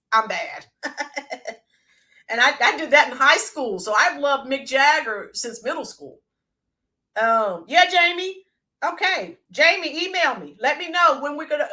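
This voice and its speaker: Chatty livestream host, woman, high and bright voice, addresses viewers by name. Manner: chatty, reads out viewer names, bursts into sung snippets. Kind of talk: casual livestream chat with viewers.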